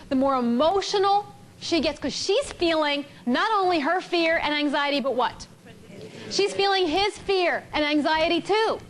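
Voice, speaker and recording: High-voiced woman leading a seminar. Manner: animated storytelling, acting out both sides of a couple; asks the audience questions. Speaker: relationship seminar speaker. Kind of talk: live seminar talk to an audience.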